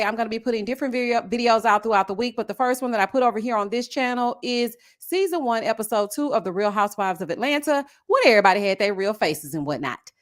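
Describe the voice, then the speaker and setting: Sassy high-voiced woman chatting live. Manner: sassy, animated, greeting viewers by name. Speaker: reality TV reviewer hosting a live stream. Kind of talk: casual live-stream chat.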